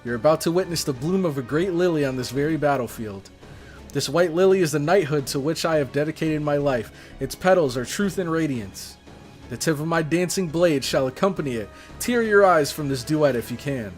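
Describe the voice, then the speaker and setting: A man's voice: on the high side, expressive, a little fast, soft background music, lightly acted. A man reading as a flowery, theatrical knight. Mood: grandiose. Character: grandiose knight of the white lily.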